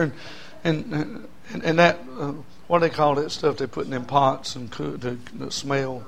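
A man's voice: medium pitch, flat delivery, normal speed, creaky. A man preaching a sermon to a church congregation in an emphatic, repetitive cadence with folksy humor.

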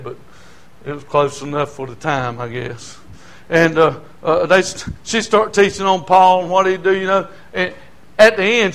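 A middle-aged man, preaching a folksy testimony sermon that swings from quiet asides to shouting. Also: a little high.

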